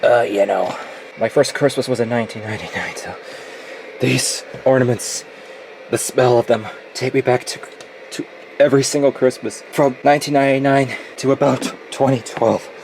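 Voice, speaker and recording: A man's voice: medium pitch, normal speed, vocal fry, darkish tone. A man in his twenties vlogging at home in a closet, gloomy and nostalgic, often swearing as he complains. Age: 20s. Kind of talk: casual vlog. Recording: noisy home recording.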